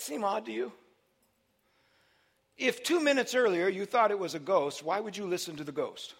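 A man preaching a sermon, moving between quiet teaching and loud, shouted preaching. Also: high voice, expressive, normal speed, creaky, breathy edge.

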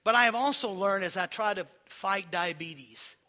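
High bright-voiced guy preaching, gets the crowd to repeat stuff back, goes from soft and slow to loud. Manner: preaching with call-and-response to a congregation; swings from quiet and slow to loud and emphatic. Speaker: pastor. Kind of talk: sermon.

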